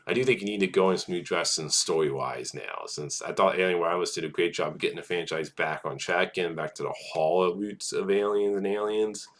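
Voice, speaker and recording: Deep-voiced rambling man vlogger. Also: brisk, few pauses, a bit bright. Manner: rambling, filler-heavy with frequent "like" and restarts. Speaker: movie news vlogger. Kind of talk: casual film news commentary.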